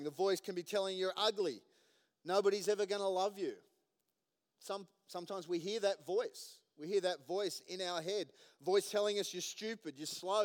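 A man preaching a sermon as pastor, joking and laughing at his own jokes. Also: sits high. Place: church hall. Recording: long hall reverb.

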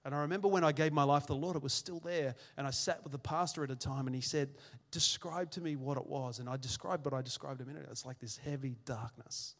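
A man's voice: mid-range voice, fairly even intonation, fast talker, few pauses, fairly bright tone. A middle-aged man preaching a sermon as pastor, emphatic, repeating his phrases, with self-deprecating humor. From Australia. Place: church hall. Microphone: handheld microphone. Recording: long church-hall reverb.

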